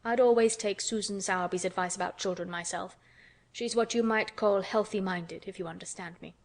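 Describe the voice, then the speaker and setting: A brisk, no-nonsense housekeeper in a storybook reading, talking in a homely, matter-of-fact way, as a woman narrator puts her on. Her voice sits a little higher and brighter than the narration. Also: close to an everyday voice. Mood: pleased. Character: brisk, plain-spoken middle-aged housekeeper.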